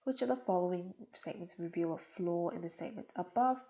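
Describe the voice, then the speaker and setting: A woman tutor walks through exam questions one step at a time, patient and methodical. Her voice is mellow and dark, with a gravelly fry at the ends of her phrases. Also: fairly low pitch, fast talker, rough recording. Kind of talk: explaining test questions.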